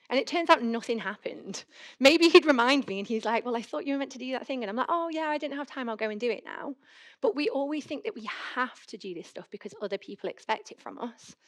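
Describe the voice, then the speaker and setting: Chatty young woman giving a conference talk. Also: fairly high pitch. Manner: chatty, storytelling, acts out her own inner voice. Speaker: conference speaker. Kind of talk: conference talk with personal anecdotes. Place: conference hall.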